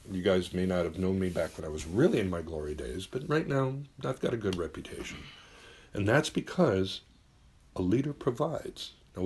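His voice sits low and slightly rough: a middle-aged man hosting a talk show. In a casual advice monologue he's blunt and emphatic, swears plenty, and acts out the voices in his quotes.

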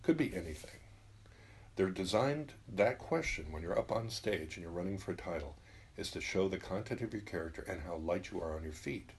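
Hosting a talk show, a middle-aged man hands out blunt, emphatic advice in a casual monologue, swearing plenty and acting out the voices he quotes. His low voice is expressive and brisk, with a little hiss or hum on the recording.

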